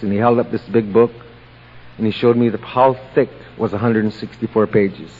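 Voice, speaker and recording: A man's voice: medium pitch, steady tone, husky. Man telling his story in a reverberant hall. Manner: slow, plain-spoken storytelling with pauses. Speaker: AA meeting speaker. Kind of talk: personal recovery story told to a meeting. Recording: lo-fi audio with long hall reverb.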